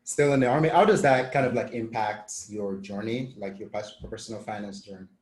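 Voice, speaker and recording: A man's voice: lowish voice, echoey room, a little hiss or hum. Easygoing male podcast host. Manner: easygoing, quick to laugh, friendly follow-up questions. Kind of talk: casual interview.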